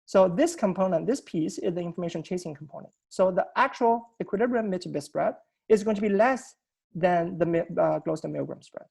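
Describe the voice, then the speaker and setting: A man presenting at an academic seminar over a video call. His voice is gravelly, mellow and a little husky. He explains technical ideas methodically and often restarts his sentences. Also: sits high, brisk.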